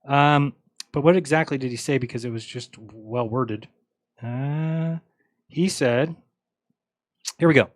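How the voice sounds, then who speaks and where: A man's voice: mid-range voice, measured pace, long pauses, no echo. A man hosting a livestream, ranting bluntly and mockingly, acting out the lines of people he quotes. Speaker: livestream host. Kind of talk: casual livestream rant.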